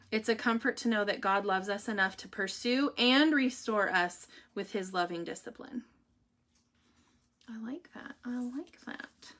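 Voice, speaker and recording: Young woman, casual vlog talk, slightly high and bright, full of fillers and restarts. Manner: chatty, many fillers and restarts. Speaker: vlogger giving a family update. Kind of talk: casual chat to viewers, reading a devotional aloud.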